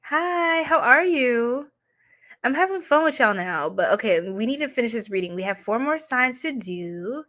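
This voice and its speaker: A woman's voice: a little high, big pitch swings, a little fast, hardly any pauses, fairly bright tone. A playful, giggly woman from New York, chatting casually as host of a psychic reading livestream. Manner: playful and giggly, laughs often.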